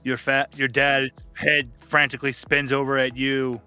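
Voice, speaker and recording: A man's voice: mid-range voice, little pitch movement, normal speed, sharp tone, smooth. A man narrating as game master, playful and laughing, slipping into character voices. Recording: faint music behind.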